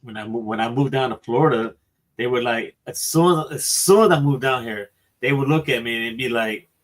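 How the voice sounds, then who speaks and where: A man from Philadelphia hosting a casual livestream chat, easygoing and quick to laugh. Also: medium pitch. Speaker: show host.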